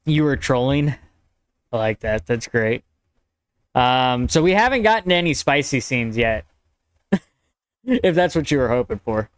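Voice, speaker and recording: A man's voice: mid-range voice, animated, unhurried, long pauses, smooth, no echo. An American man streaming his writing, reading his draft aloud, correcting his wording as he goes, and chatting with viewers in a rambling way. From United States. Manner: rambling and conversational. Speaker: streamer and writer.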